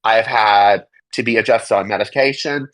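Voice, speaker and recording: A young adult speaking with blunt, indignant emphasis, slipping into mocking impressions of others. The voice sits at an ordinary middle pitch. The recording is dry and close, with no room sound. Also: moderate pace, no room sound, rough recording. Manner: emphatic, indignant, swears freely and mocks others in quoted voices. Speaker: interview guest. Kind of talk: candid personal testimony.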